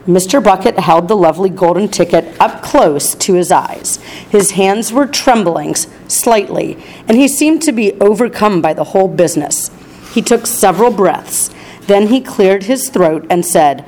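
Woman reading a storybook, low voice. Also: normal speed. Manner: steady, clear narration. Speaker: narrator.

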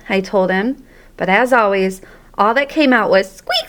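A woman narrating a children's story aloud in a lively, expressive way. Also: medium pitch, measured pace.

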